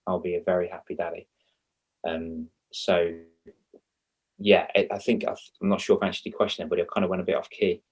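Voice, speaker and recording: Male guest, kids' confidence coach, husky and lowish, rambling and animated in casual chat. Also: fairly quick. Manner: animated and rambling, with self-mocking asides.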